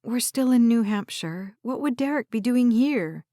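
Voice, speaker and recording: A woman voicing an anxious, protective young caretaker who talks gently and soothingly. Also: fairly high pitch, animated, unhurried, no room sound, clean studio sound. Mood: worried.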